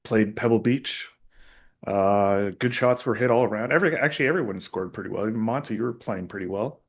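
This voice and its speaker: A man's voice: on the low side, brisk, slightly rough. A man co-hosting a golf comedy podcast, talking in a laid-back way and often answering with short agreement. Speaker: podcast co-host. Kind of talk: casual comedic chat.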